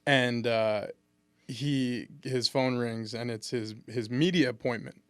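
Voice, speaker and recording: A pro football lineman in his twenties tells laid-back, funny stories during an interview, restarting his sentences often. His medium-pitched voice is clear and resonant, he takes it slowly, and the recording is dry.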